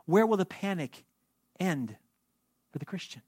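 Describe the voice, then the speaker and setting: A man preaching a sermon as pastor, speaking in a measured way that slows into hushed, prayerful reading. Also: high voice, expressive, breathy edge, no echo, studio quality.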